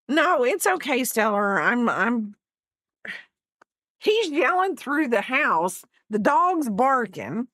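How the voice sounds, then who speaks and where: A woman chats slowly while she crochets on a livestream, her pitch swooping up and down as she rambles. She pokes fun at herself, laughs often and talks to both her viewers and her dog. Her voice sounds dry and close, with no room around it. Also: big pitch swings, fairly bright tone, no echo. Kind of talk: casual chat while crafting on a livestream.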